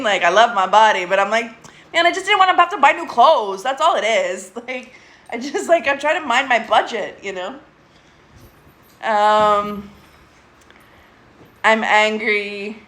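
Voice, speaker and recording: Fairly bright and of medium pitch, this woman's voice carries a casual home live stream shared with her pet. Adult and getting older, she's candid, swears a lot, and laughs between her thoughts.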